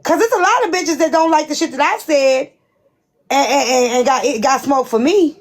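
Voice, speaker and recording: A woman's voice: high-pitched, normal speed, rough recording. A woman hosting a casual live stream, talking bluntly and profanely in a rambling way.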